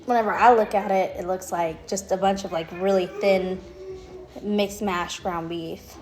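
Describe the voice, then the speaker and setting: Faint music plays behind a young woman's medium-pitched, slightly mellow voice, which stays steady and unhurried. Hosting a livestream from home on her phone, she chats and rambles casually, swearing freely and laughing a lot.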